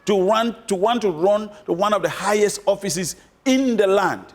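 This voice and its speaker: A man's voice: high-pitched, expressive, moderate pace. A man giving interview answers about politics, emphatic, repeating his points for stress. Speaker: interview guest, former candidate.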